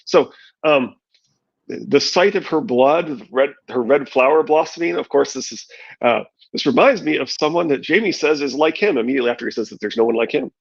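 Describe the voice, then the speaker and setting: Husky man reading and musing. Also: mid-range voice, quick pace, lo-fi sound. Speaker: podcast host reading aloud. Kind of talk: book reading with commentary.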